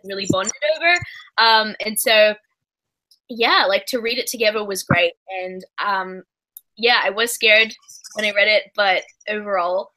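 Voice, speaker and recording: Bright-voiced woman, book-stream host, giggly, rambly, lots of ums. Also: medium pitch, slight background noise, low-quality recording. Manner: giggly, rambling with many fillers. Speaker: host of a book discussion livestream. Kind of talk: casual chat.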